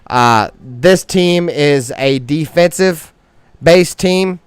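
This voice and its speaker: A brash man rants through a fan sports show with cocky, profanity-laced slang, pushing his voice loud and high when he is fired up. His voice sits a bit high and sounds smooth and clear, recorded in a dry, close space. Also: slow, no echo. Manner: swaggering, heavily profane slang. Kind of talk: profane sports trash talk monologue.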